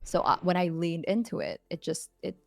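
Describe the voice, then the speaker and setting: A woman audio creator talking in a relaxed, easygoing way as a podcast guest, giving gentle advice. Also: on the low side, moderate pace, vocal fry, dry recording. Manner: thoughtful, gives gentle advice. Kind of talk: casual podcast chat.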